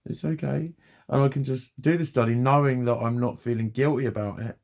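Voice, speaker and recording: Gravelly, sweary man in his forties. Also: medium pitch, steady tone, a little fast, a little mellow. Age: 40s. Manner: sweary, chatty, self-mocking, laughs often. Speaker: vlogger. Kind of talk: rambling personal monologue.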